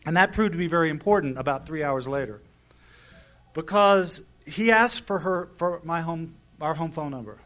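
Wry storytelling man, higher voice. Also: moderate pace, a bit bright. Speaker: recovery meeting speaker. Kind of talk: personal story told to an audience.

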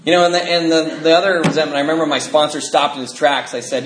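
A man sharing his story with a group, animated and laughing often, jumping high in pitch when he acts out other people. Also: fast talker, hardly any pauses, roomy sound.

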